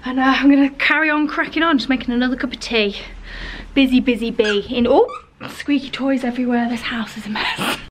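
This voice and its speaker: A woman's voice: sits high, steady tone, brisk, a little hiss or hum. A British woman in her twenties talking candidly to camera at home in a casual vlog, informal and chatty. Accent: British English. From United Kingdom. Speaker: vlogger. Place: home, indoors.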